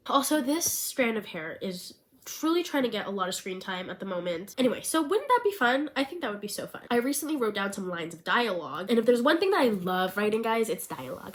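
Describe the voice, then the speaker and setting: A woman chatting casually in a vlog about writing a screenplay for fun. She rambles in a bubbly way, fills her talk with "like", and sometimes drops into a soft, hushed tone. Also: mid-range voice. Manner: bubbly, rambling, full of "like" fillers. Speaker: vlogger and hobby screenwriter.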